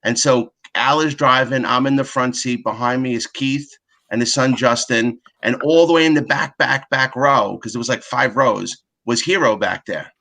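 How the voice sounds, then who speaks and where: A man with a bright, forceful voice recounts a road-trip story on a video call. He tells it in a dry, deadpan way and keeps going steadily. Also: mid-range voice, normal speed. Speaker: guest. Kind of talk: casual chat.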